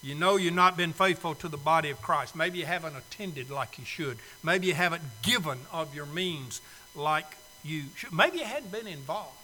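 A male preacher giving a sermon invitation in a church, pleading and swinging from loud urging to soft, hushed appeals. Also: on the high side, animated, normal speed, in a large hall, a little hiss or hum, poor audio. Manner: pleading, swells loud then drops soft. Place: church sanctuary.

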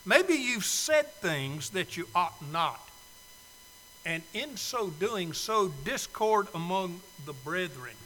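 Slow, pleading high-voiced preacher. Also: male voice, sing-song, long reverb tail, slight background noise, rough recording. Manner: pleading, swells loud then drops soft. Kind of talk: sermon invitation. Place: church sanctuary.

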